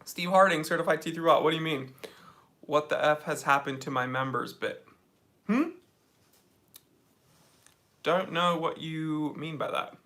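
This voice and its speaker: Bright-voiced man hosting a livestream. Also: fairly high pitch, measured pace, long pauses. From New England. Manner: upbeat, reads viewer comments aloud. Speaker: livestream host. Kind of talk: casual livestream chat. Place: office.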